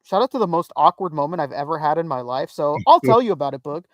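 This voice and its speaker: A man's voice: on the high side, fast, no room sound. Man telling stories animatedly, dry close sound. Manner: animated storytelling, loud exclaimed quotes, laughing. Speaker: podcast co-host. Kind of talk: casual chat.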